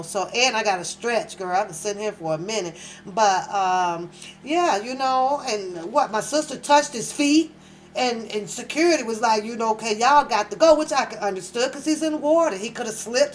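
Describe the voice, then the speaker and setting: A woman with a high voice hosts a reaction show and talks straight into the mic. Her commentary is blunt, mocking and profane, and she hammers points by repeating phrases. A faint hum sits behind her. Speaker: reaction channel host.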